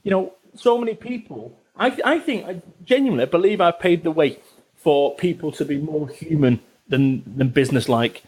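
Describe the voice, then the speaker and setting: A man's voice: a little high, animated, moderate pace, a little mellow, breathy edge. A man in his forties with a Salford accent, a business author talking bluntly and swearing freely as a podcast guest, repeating phrases for emphasis. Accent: Northern English, Salford. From England. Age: 40s. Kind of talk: casual interview chat.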